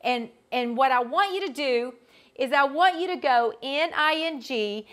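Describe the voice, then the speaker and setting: A woman's voice: high-pitched, animated, measured pace, fairly bright tone. A middle-aged woman with a Georgia accent, teaching a group as a vocal coach in a chatty, folksy way. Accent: Southern US, Georgia. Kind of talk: live teaching session.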